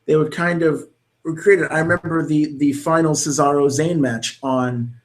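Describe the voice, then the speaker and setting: On a podcast about wrestling commentary, a young co-host speaks in a casual, rambling and enthusiastic way with many restarts. His voice runs on the high side, steady in tone and at a normal speed.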